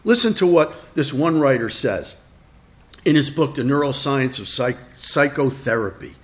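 A man preaching a sermon in a relaxed, conversational way. He asks the congregation questions and adds self-deprecating asides. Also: mid-range voice, moderate pace. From Italian heritage. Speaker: pastor.

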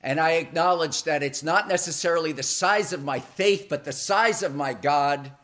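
A man preaching a sermon in a church. He is dramatic and emphatic, repeats words as he builds momentum, and swings between loud peaks and hushed, low passages. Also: moderate pace. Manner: dramatic and emphatic, with swells and drops in volume.

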